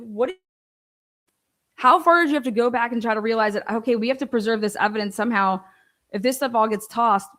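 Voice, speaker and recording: A woman host giving heated, profane commentary on a court ruling, exasperated and ranting in outbursts of disbelief. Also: fairly high pitch. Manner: animated, rising into outbursts of disbelief. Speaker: show host and legal commentator.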